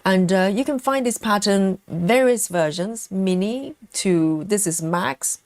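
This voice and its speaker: A woman hosting a cross-stitch livestream, chatting casually and relaxed, with many fillers, snacking on chocolate as she talks. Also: mid-range voice, takes it slowly, no echo.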